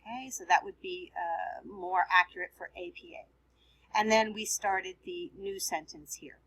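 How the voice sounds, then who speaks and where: A woman's voice: on the low side, fairly even intonation, measured pace, a bit bright, slightly rough, rough recording. A woman teaching writing, patiently explaining punctuation step by step as she edits on screen. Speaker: writing instructor. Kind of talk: screen-recorded writing lesson.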